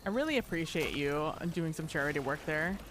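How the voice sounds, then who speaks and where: A woman streaming live gameplay, talking to her chat in a profane, excitable way with bursts of laughter. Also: deep voice, fairly quick, background noise.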